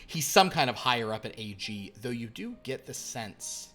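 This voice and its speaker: Guy gm narrating a horror tabletop game, lots of ums and likes, soft music behind. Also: medium pitch, very animated, normal speed. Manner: loose, filler-heavy narration. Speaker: game master.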